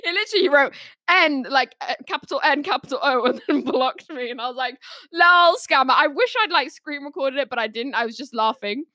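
Woman, podcast host, casual chat, chatty, laughs a lot, bright tone, high voice. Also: a little fast, no echo, studio quality. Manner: chatty, laughs often, many fillers.

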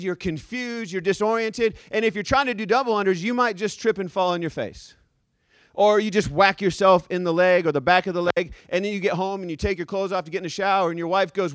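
A male pastor preaching a sermon as a lively, joking storyteller who acts out the scenes he describes. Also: high-pitched, no room sound, studio quality.

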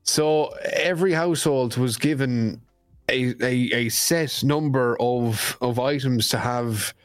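A man's voice: medium pitch, slow, no echo, faint music behind. Irish man, guest, rambling self-correcting storyteller, mid-range voice, dry close sound. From Ireland. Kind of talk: casual chat.

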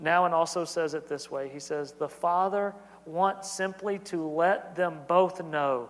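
A man's voice: on the high side, a little slow, few pauses. A man in his thirties preaching a sermon as pastor, earnest and repetitive in his cadence. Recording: long hall reverb.

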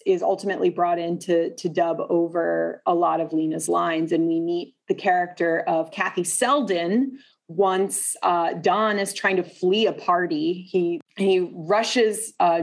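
A woman hosting a casual film discussion, leading with thoughtful questions and frequent filler sounds. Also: lowish voice. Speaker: podcast host.

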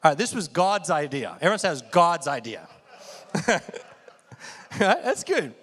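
High bright-voiced preaching man. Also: unhurried, breathy edge. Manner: energetic preaching, call-and-response with congregation. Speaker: pastor. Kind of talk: sermon. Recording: long hall reverb.

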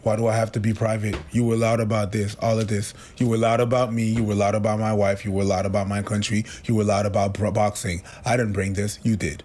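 A man's voice: fairly low pitch, little pitch movement, fast, hardly any pauses, darkish tone, slight background noise. A man co-hosting a podcast, speaking in blunt, confrontational bursts of short, punchy lines. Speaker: podcast co-host. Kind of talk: heated podcast commentary.

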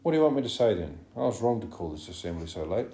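Ralph is a boy trying to hold a meeting together, urgent and raised, played by a man reading aloud. His voice climbs well above its usual dark register. The recording sits in a roomy space with a faint hum underneath. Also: on the low side, big pitch swings, fast, voice pushed up. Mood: exasperated. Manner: raised, shouting to restore order. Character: boy leader, urgent and strained.

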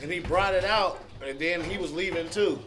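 A man in casual chat, telling a story in a relaxed way and mimicking the people in it. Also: sits high, normal speed.

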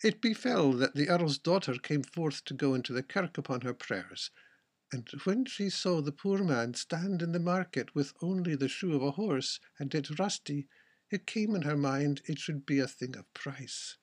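A man narrates an old folk tale in a measured, old-fashioned way. His voice is husky and sits slightly high. He tells the story at an even pace. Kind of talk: storybook reading.

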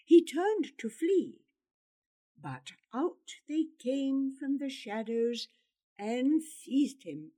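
A woman narrating a storybook in an expressive, dramatic reading. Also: high-pitched, drawn-out words. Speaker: storybook reader.

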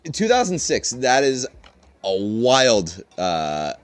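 A laid-back man co-hosting a casual comedic podcast chat, wry and quick to laugh. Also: medium pitch, wildly swooping pitch, no room sound. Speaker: podcast co-host.

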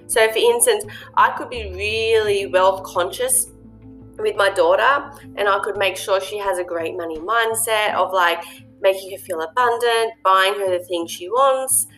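A woman's voice: mid-range voice, measured pace, a bit bright, faint music behind. A woman hosting a casual monologue, speaking earnestly and reflectively with plenty of ums and you-knows. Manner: earnest, reflective, lots of fillers. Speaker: host.

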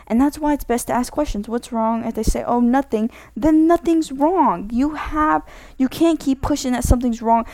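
A woman's voice: sits high, moderate pace, dark tone, no echo. A woman giving casual spoken advice in a rambling way, correcting herself often and filling her talk with "like". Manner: rambling, self-correcting, many "like" fillers.

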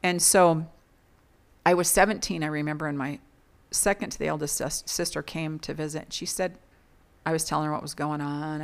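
A woman's voice: low voice, a little fast, vocal fry. A woman as an interview guest, frankly and earnestly recounting her own past, often restarting her sentences. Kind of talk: candid personal storytelling.

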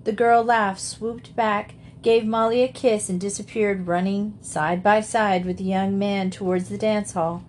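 Woman reading an old kids' book, steady and measured, mid pitch, faint hiss behind. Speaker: audiobook narrator. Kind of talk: storybook narration.

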